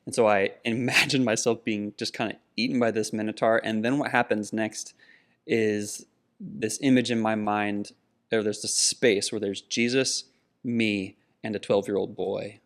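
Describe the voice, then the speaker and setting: A middle-aged man with a lowish voice that keeps slipping into a gravelly fry. He co-hosts a podcast and tells a personal story in an earnest, casual way. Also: fairly even intonation, unhurried. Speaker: podcast co-host. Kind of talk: casual conversation.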